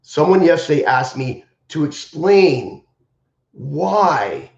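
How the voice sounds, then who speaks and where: This martial arts teacher takes his time, his fairly high voice sing-song with vocal fry and a darkish tone. On the live stream he is impassioned and emphatic, repeating key phrases, all heard through roomy, dull lo-fi audio.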